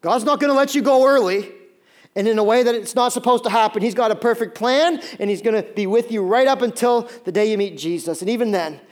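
A man preaching a sermon as pastor, swinging between loud emphatic pleas and soft, low passages. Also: a little fast.

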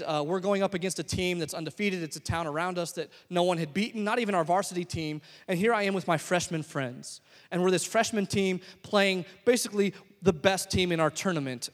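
Man, pastor, sermon, emphatic then soft, long hall reverb. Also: high voice. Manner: emphatic preaching, swings between loud exhortation and soft asides. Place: church sanctuary.

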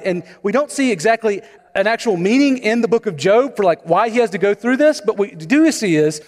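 A man's voice: high-pitched, in a large hall. A man preaching a sermon as pastor, in a conversational style with storytelling asides.

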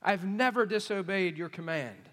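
A man voicing a resentful older son who loudly lists his grievances, heard in a reverberant hall. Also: medium pitch, normal speed, lightly acted. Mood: indignant. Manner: loud, indignant, listing grievances. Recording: long reverb of a large hall.

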